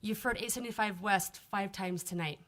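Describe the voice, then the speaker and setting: A woman's voice: medium pitch, brisk, a bit bright. Earnest woman appealing to a council. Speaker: resident giving public comment. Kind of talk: public comment at a council meeting. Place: city council chamber.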